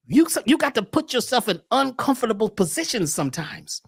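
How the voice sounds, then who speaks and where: A man as a podcast guest talking casually in an animated, preachy way, often repeating words as he starts a thought. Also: very high-pitched, fairly quick, gravelly, husky, dry recording, clean studio sound.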